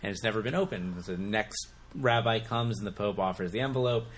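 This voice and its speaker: A young man casually retelling family jokes, telling stories relaxed with fillers. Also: fairly low pitch, brisk. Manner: relaxed storytelling with fillers and laughs. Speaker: joke teller. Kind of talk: casual chat.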